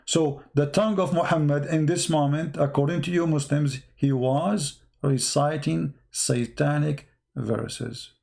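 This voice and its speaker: Brief: sarcastic male commentator, slightly high voice, halting phrasing, mocking tone. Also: fairly even intonation, gravelly, a little mellow. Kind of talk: polemical commentary monologue.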